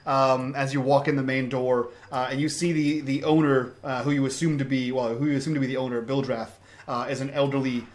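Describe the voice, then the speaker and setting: A man narrating as game master in a tabletop game, with halting, filler-heavy delivery. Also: mid-range voice, level tone.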